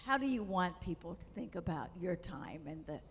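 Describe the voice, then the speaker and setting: Low-voiced woman moderating a panel. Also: sing-song. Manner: measured, hesitant with fillers. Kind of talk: panel interview questions. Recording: reverberant hall, faint noise.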